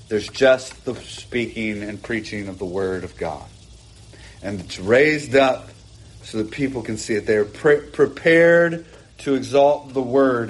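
A pastor delivering a heartfelt sermon at his pulpit. His voice sits at an ordinary middle pitch, and he presses his points with earnest, emphatic surges and brief asides. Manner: earnest, emphatic preaching with rising bursts and asides. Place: church, preaching from a pulpit.

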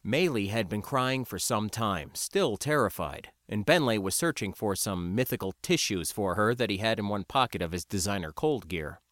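A man narrates a first-person adventure story with a wry, lively storytelling manner. His pitch moves around a lot as he reads. The recording is close and dry, with no room sound. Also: normal speed, hardly any pauses, no echo. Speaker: audiobook narrator.

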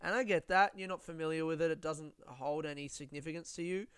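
A young Australian comedian tells a story in a rambling, sweary, self-mocking way. His voice sits a little high for a man and sounds smooth and clear, recorded close on a dry mic. It is casual podcast talk. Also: steady tone, quick pace, fairly bright tone, no room sound.

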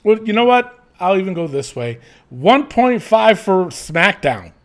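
A man co-hosting a casual chat podcast, reading listener comments aloud with animated swearing and frequent laughter. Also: high-pitched, a little slow.

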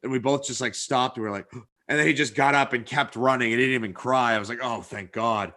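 A man's voice: medium pitch, fairly quick, pushed and bright. A man co-hosting a podcast, chatting in an easygoing, rambling way with an occasional swear. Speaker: podcast co-host. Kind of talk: casual chat.

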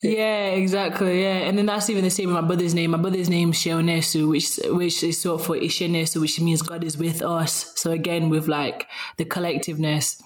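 Young sheffield-accent woman, zim roots, lowish voice, chatty and giggly, lots of likes. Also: a little fast, hardly any pauses. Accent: Sheffield English. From Zimbabwe. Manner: chatty, animated, laughs often, many likes. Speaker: podcast guest. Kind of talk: casual conversation.

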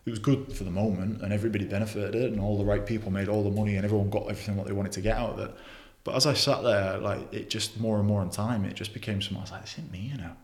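A man's voice: lowish voice, flat delivery, very fast, few pauses, darkish tone, echoey room. A young man talking bluntly in a casual interview, swearing often and restarting his sentences. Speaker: podcast guest.

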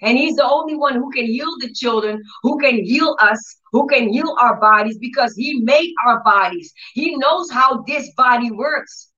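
A woman's voice: high-pitched, normal speed, few pauses. Earnest woman teaching faith, distant mic. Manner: earnest, repetitive and emphatic, with frequent soft laughs. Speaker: Bible teacher and church leader. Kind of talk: personal healing testimony teaching. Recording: distant, dull-sounding mic.

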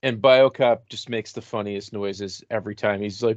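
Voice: medium pitch, steady tone, normal speed, a little mellow, dry recording. A podcast co-host chatting casually about a film, laughing and agreeing with enthusiasm. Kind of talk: casual movie recap chat. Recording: dry, dull lo-fi audio.

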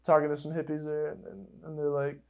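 A young man with a slightly high voice hosts a laid-back podcast. He rambles and gets excitable, piling up fillers and casual swearing as he chats. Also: quick pace, creaky. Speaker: podcast host. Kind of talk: casual chat.

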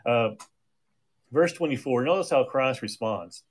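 A man's voice: medium pitch, animated, a little slow. A man preaching a sermon in a conversational way, often restarting his sentences, with an occasional cough. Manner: conversational with frequent restarts and fillers.

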